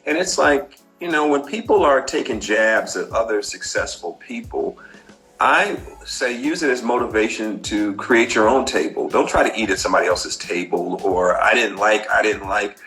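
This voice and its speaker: Lively man telling stories. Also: on the low side, normal speed, soft background music, poor audio. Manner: animated storyteller, acts out quotes. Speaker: filmmaker guest. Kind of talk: interview storytelling.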